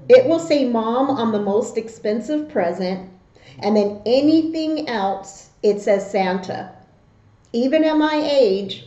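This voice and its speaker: A middle-aged woman tells family stories for her eating vlog, slow and drawn-out. Her voice is mellow and warm. The sound is a little dull and bounces around an echoey room. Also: on the high side. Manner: animated, slow and drawn-out when telling stories. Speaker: mukbang vlogger. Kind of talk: casual storytelling.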